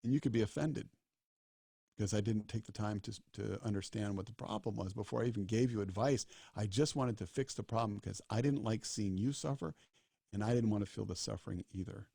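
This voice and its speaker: Earnest storytelling man, low and mellow. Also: brisk, gravelly, slightly rough, no echo, studio quality. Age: middle-aged. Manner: earnest storyteller acting out dialogue. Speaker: disaster doctor and speaker. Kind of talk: storytelling talk.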